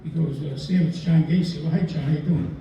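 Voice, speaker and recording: A man's voice: a little high, fairly even intonation, a little fast, highs cut off, background noise. An older man, a lawyer, telling rambling stories at a dinner talk, chuckling and acting out the voices of the people in them. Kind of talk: anecdotal after-dinner storytelling. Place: dinner event in a restaurant room. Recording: distant, echoey room with faint ambience.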